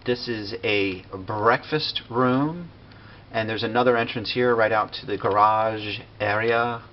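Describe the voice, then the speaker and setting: Man, casual game tour narration, lots of uh and pauses, lowish voice, muffled low-fi sound. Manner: relaxed, many fillers and pauses. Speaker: game builder giving a tour. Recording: dull lo-fi recording with faint noise.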